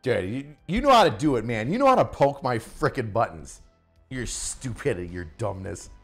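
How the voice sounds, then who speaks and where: A man hosting a casual stream, roasting his guest with loud mock-angry rants and heavy swearing. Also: mid-range voice, big pitch swings, normal speed, husky, faint music behind. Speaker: podcast host.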